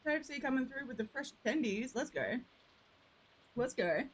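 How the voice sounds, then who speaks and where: A woman's voice: high-pitched, lively intonation, normal speed, poor audio. A young woman streaming a farming game, chatting affectionately with viewers and calling them "lovely" and "darling". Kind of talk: casual live-stream chat.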